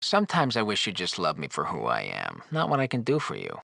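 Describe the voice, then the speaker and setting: A man's voice: low voice, wildly swooping pitch, a little fast, gravelly, sharp tone, no room sound, clean studio sound, exaggerated voice. An actor playing a flirtatious, wisecracking floating male skull, teasing and sarcastic in game dialogue.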